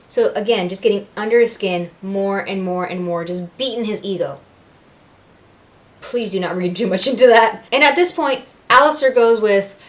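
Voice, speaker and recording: A woman from Puerto Rico hosting a reaction video, recapping scenes with animated storytelling and acting out the characters' lines. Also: mid-range voice, moderate pace. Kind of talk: casual recap and commentary.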